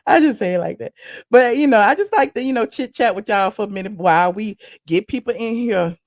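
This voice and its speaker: A woman from Atlanta, hosting a casual live stream with animated, rambling asides. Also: medium pitch, brisk, dry recording, studio quality. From Atlanta, USA. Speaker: host.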